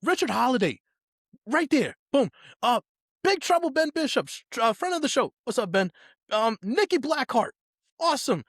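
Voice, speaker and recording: High-voiced man, emphatic podcast talk. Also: very animated, normal speed, a bit bright, no room sound, studio quality. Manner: emphatic, opinionated. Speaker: podcast co-host. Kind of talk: casual chat.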